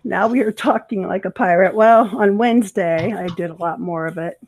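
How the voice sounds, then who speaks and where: A woman's voice: medium pitch, moderate pace, a little mellow. A woman co-hosting a casual craft livestream chat, easygoing and playful.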